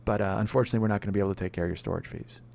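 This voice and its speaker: A man putting on a flat, unbothered male insurance agent, reciting polite refusals with scripted calm. The voice sits lower and softer than the teller's own, and it moves briskly. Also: gravelly. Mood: dismissive.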